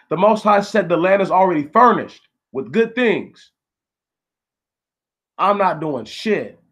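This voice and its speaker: Angry high-voiced man ranting on a stream. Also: fairly bright tone. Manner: angry, profane, repetitive, arguing with viewers. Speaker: live streamer. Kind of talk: heated live-stream rant.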